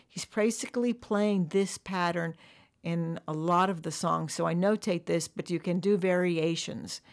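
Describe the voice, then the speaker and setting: Low gravelly woman explaining a drum chart. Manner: explanatory, counts bars aloud along with the music. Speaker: drum teacher. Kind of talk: software tutorial walkthrough.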